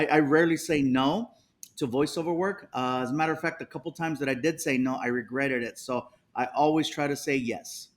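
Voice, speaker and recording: A man, a comedian guest, telling stories in a casual interview and acting out the people he quotes. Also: on the high side. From United States. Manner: animated, acts out quotes with voices.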